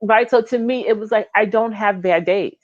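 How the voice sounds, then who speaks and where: Animated woman with slightly dull audio. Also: mid-range voice, moderate pace. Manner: animated storyteller, acts out her own quotes. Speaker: co-host. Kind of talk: casual chat.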